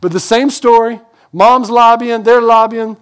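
Animated high-voiced pastor. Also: male voice, unhurried, clean tone. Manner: animated, conversational preaching with acted-out dialogue. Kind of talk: sermon.

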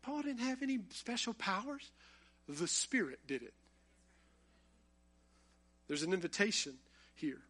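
A man's voice: high-pitched, very animated, unhurried, long pauses, a bit bright. A man preaching a sermon, talking conversationally and building to impassioned emphasis.

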